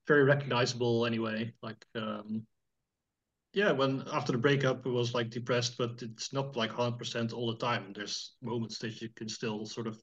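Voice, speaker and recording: A man in casual podcast chat, speaking softly and hesitantly. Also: medium pitch, fairly even intonation, moderate pace, highs cut off.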